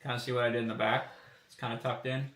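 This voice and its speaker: A streamer shows car body kit designs, talking casually in a laid-back, meandering way with fillers as he thinks aloud. His medium-pitched voice is sharp and bright, flat in delivery and quick, recorded from a distance in a roomy workshop space.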